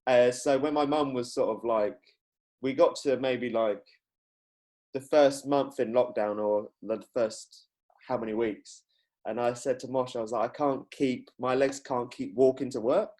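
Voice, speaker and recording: A man's voice: mid-range voice, steady tone, a little slow, a little mellow. A young man, hosting a podcast in casual chat, rambling and laughing often as he acts out quotes. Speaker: podcast host.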